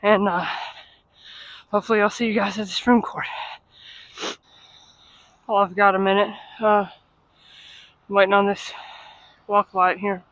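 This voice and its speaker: A woman vlogging casually to her phone, chatty and self-deprecating, at times out of breath from walking fast outdoors in the cold. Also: medium pitch, little pitch movement, fairly bright tone, no room sound, low-quality recording. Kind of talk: casual travel vlog to camera. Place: outdoors on cold city streets.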